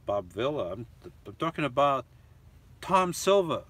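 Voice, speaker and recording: A man's voice: mid-range voice, sing-song, measured pace, fairly bright tone, breathy edge, no room sound. Rambling man chatting with live viewers. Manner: chatty and rambling, reacts to each comment. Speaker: live stream host. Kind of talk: casual live chat, reading viewer comments aloud. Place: inside a camper van.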